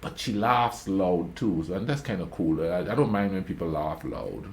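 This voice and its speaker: Low-voiced and lively in intonation, this man talks at normal speed, with a little hiss or hum in the recording. Hosting a reaction video, he rambles through casual anecdotes, frequently tossing in "you know what I mean?" His storytelling commentary is relaxed, and he describes himself as a quiet talker.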